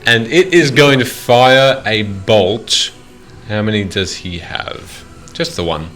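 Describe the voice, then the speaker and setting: A man narrating as game master of a tabletop game, describing the action in halting, restarting phrases. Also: fairly low pitch, fairly bright tone, faint music behind.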